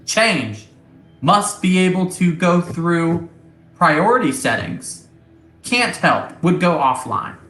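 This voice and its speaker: A literal-minded female ship computer, as a man puts her on, talking in short broken machine phrases. Her voice is bright and sits a little high. It rings in a roomy space. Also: very animated, slow pace, soft background music, exaggerated voice. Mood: matter-of-fact. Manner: broken, telegraphic machine speech.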